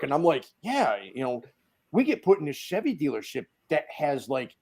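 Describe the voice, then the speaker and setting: A man from Connecticut telling lively anecdotes on a podcast call, acting out the voices of the people in his stories. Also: on the high side, moderate pace, a crowd in the background. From Connecticut, USA. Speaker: guest. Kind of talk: casual storytelling on a podcast. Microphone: remote video call mic.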